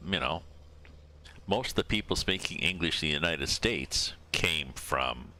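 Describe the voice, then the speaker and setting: Very deep-voiced man streaming. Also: expressive, a little slow, sharp tone. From Canada. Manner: rambling, musing aloud, reading out viewer names. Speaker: game streamer. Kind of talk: casual live-stream chat while driving a truck sim.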